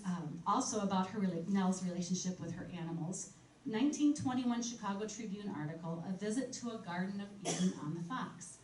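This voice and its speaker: A woman presents a museum history program, chatting easily between passages she reads aloud from old articles. Her voice has an ordinary middle pitch. She sounds distant from the microphone in a reverberant room, with a faint hiss underneath. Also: a little mellow. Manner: conversational, reading quotes aloud from old articles. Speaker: museum director giving a history talk. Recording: echoey room, speaker far from mic, faint noise.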